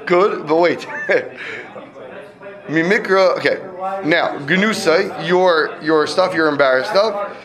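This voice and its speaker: A man's voice: fairly high pitch, slow pace, crowd noise. A man teaching a classroom Talmud lesson, explaining step by step and checking in with students often.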